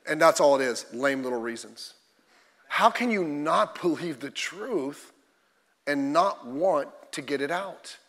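Fiery high-voiced male preacher. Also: big-room sound. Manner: fiery, emphatic preaching with sudden shouts. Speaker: pastor. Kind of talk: sermon. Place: church sanctuary.

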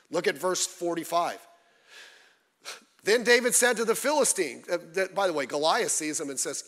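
A middle-aged male pastor delivers a sermon in a notably high voice. He talks in a lively, folksy way and rises to shouts when he presses a point. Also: a little fast. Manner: animated, shouting at climaxes, folksy asides.

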